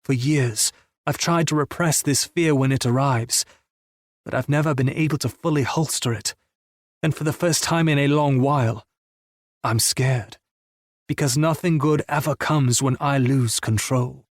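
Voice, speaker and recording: Male audiobook narrator, mid-pitched and husky, subdued and intimate, close dry read. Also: a little slow, no room sound. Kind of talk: first-person romance audiobook narration.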